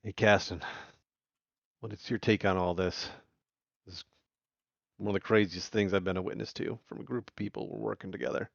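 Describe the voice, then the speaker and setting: A man's voice: fairly low pitch, fairly even intonation, fairly quick, creaky, long pauses, no echo, highs cut off. A man voicing an unsettled male crew member who speaks hesitantly and searches for his words. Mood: uneasy.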